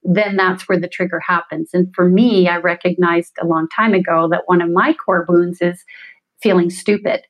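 A woman's voice: on the low side, fairly even intonation, normal speed, rough recording. A middle-aged woman, a coach and podcast guest, explaining in an earnest, self-reflective way. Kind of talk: conversational interview.

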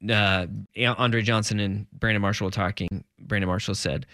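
A man's voice: on the low side, fairly even intonation, moderate pace, a bit bright, smooth, no echo, clean studio sound. A man hosting a casual sports talk show, laughing easily and acting out quoted voices.

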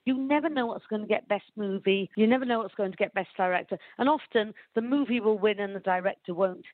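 A woman from Wales, giving animated, opinionated commentary and laughing often, heard down a phone line. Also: medium pitch, quick pace, dry recording. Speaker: guest commentator. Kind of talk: chatty phone interview.

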